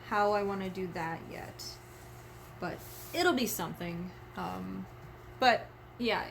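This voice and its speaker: A woman's voice: medium pitch, slight background noise. Giggly, rambling woman streamer. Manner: rambling, giggly and openly emotional. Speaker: live streamer. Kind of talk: candid casual livestream chat.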